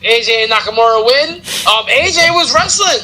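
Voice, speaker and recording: A man's voice: extremely high pitch, lively intonation, moderate pace, over a noisy crowd, low-quality recording. A man hosting a casual wrestling podcast, rambling and joking with plenty of "um"s. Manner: rambling, joking, many fillers. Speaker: podcast host. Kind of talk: casual wrestling recap chat.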